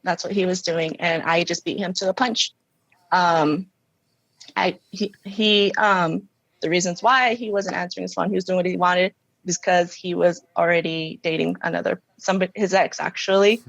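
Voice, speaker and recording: A woman guest telling her personal story in an interview, halting, with many fillers and restarts. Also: fairly low pitch, fairly even intonation, gravelly, fairly bright tone, dry recording, lo-fi sound. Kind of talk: emotional personal testimony.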